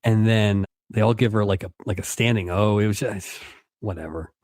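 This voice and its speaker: A man's voice: fairly low pitch, moderate pace, darkish tone, dry recording. Dry, wry man recapping an episode. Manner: wry, sarcastic, quotes characters in put-on voices. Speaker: podcast co-host. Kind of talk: casual recap chat.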